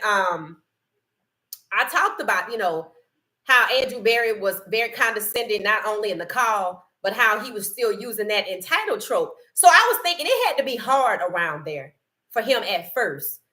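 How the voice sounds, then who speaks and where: A woman hosting a live sports stream in casual chat, animated and laughing often as she greets viewers in the chat by name and speaks. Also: on the high side. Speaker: livestream sports host.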